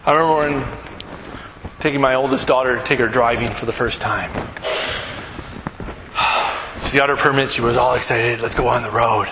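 A middle-aged man, a pastor, preaching a sermon in a church hall, animated, acting out little scenes and quizzing the congregation. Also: medium pitch, moderate pace, long pauses, background noise. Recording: echoey hall with long reverb.

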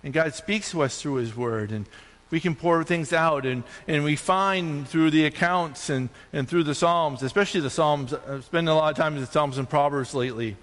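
A male pastor delivering an animated sermon, his voice climbing high on points of emphasis. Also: normal speed. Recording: long hall reverb.

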